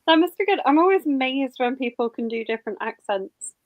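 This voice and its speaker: Higher-pitched woman interviewer. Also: lively intonation, a little fast, dry recording. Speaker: interviewer, book club host. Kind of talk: casual video-call interview.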